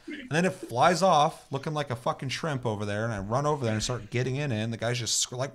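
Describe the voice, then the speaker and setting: A man's voice: mid-range voice, quick pace, background noise. A man co-hosting a gaming podcast, telling rambling, profane stories and acting out silly voices as he goes. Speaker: podcast co-host. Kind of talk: casual gaming chat.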